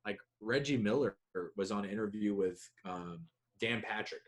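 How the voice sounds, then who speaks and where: A man co-hosting a casual sports talk show, telling rambling, profane stories with animated energy. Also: fairly low pitch, moderate pace. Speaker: podcast co-host.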